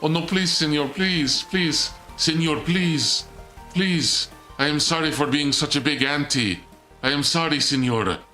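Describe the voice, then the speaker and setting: A pleading figure with a put-on mock Spanish accent, as a streamer voices him. He begs and apologizes in an overdone way, in a raised, bright, tense voice. Faint music plays behind him. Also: fairly high pitch, measured pace, voice pushed up. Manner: begging, exaggerated, apologetic.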